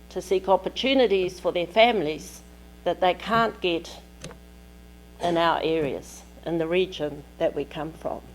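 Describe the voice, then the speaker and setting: Slow, measured New woman lecturing. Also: fairly low pitch, darkish tone, poor audio. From New Zealand. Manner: measured, deliberate phrasing in short pieces. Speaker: keynote lecturer. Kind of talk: academic keynote lecture. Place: lecture hall at a conference.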